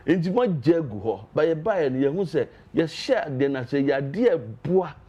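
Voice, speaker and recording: A man's voice: fairly high pitch, big pitch swings, fairly quick, warm tone, slightly rough, lo-fi sound. A man with a Ghanaian accent, a party official on a talk show, arguing his case with energy and moving between Twi and English. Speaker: political party official, guest. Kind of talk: political debate talk.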